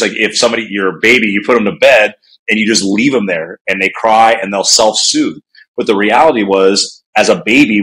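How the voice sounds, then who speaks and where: A man's voice: fairly low pitch, fairly bright tone, low-quality recording. A man speaking as a guest coach in a casual podcast talk, rambling with many restarts and fillers and swearing bluntly. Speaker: guest, human connection coach. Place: room at home.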